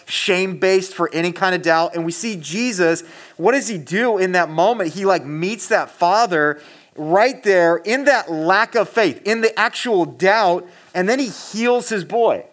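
A man's voice: fairly high pitch, moderate pace, a bit bright. A man preaching a casual, conversational sermon to a gathered congregation, earnest and direct, with many fillers and restarts. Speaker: pastor.

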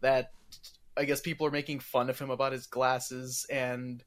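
A man's voice: mid-range voice, little pitch movement, moderate pace. A man chatting casually online, making dry, matter-of-fact remarks. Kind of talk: casual online group chat.

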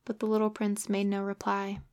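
A woman narrating a classic children's story in the first person, measured and gentle. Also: medium pitch, completely flat delivery. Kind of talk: storybook reading.

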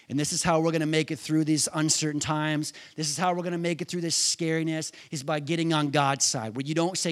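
A male pastor preaching a sermon, reading scripture aloud and building to loud, emphatic calls for the congregation to repeat after him. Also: on the high side, flat delivery, a little fast, few pauses. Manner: reads scripture aloud and drives key lines home by repetition.

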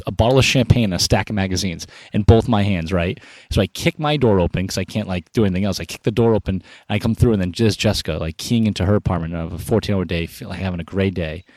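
A young man tells a story at a rapid clip, his voice sitting fairly low. He bounces into the voices of the people he quotes. The sound is dry and close. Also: dry recording. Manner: energetic, animated storyteller acting out quoted dialogue. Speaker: podcast guest, founder of an inspiration business. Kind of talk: casual storytelling interview.

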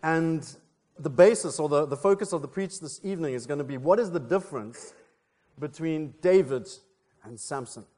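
A preacher from South Africa, talking in a loose, playful way with plenty of fillers. His voice sits slightly high for a man. The sound rings with a long reverb from the church hall. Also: moderate pace, dark tone. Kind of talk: casual sermon with joke and prayer.

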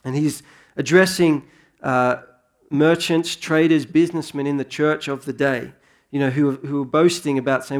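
A man in his thirties preaching a sermon in a relaxed, conversational way that rises into earnest emphasis. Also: fairly high pitch, moderate pace. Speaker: pastor.

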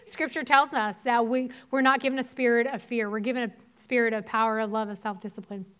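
Clear-voiced woman preaching casually. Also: a little high, steady tone, brisk, a bit bright. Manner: casual conversational preaching with many fillers. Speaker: pastor's wife preaching. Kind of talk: sermon.

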